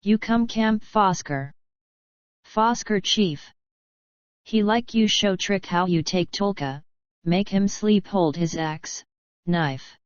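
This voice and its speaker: A wary tribesman speaks in clipped, broken phrases, as a woman reading an audiobook puts him on. His voice sits a little higher than her narration and sounds smooth. The recording is dry and slightly dull. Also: slow pace, dry recording, natural voice. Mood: blunt.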